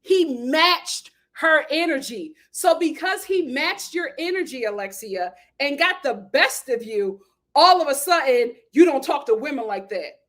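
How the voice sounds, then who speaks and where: Emphatic woman host, high-pitched, chatty reality TV commentary. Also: measured pace. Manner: emphatic, animated, acts out quotes.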